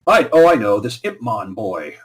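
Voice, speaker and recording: A man's voice: on the low side, big pitch swings, moderate pace. A man voicing a scheming male beast-spirit general who tempts a weaker creature with power. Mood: coaxing. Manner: coaxing, tempting.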